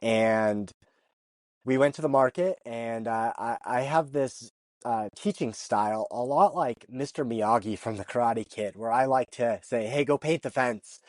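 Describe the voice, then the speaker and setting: A man tells farm stories in a relaxed, chatty way, slipping into quoted voices and laughing as he goes. He often restarts his words mid-sentence. His voice sits at an ordinary pitch, recorded close and dry. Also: a little slow, no room sound. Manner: lively storyteller who acts out dialogue and laughs often; repeats and restarts words while telling a story. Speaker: urban chicken farmer, podcast guest. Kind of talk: casual storytelling interview.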